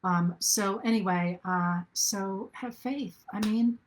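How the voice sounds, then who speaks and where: A middle-aged woman speaks live into a webcam to her regular viewers. She is earnest and thinks aloud, so her sentences stop, restart and trail into fillers. Her voice sits at an ordinary pitch for a woman. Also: slow pace, slight background noise. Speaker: historian hosting a live video talk. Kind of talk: casual live-stream talk.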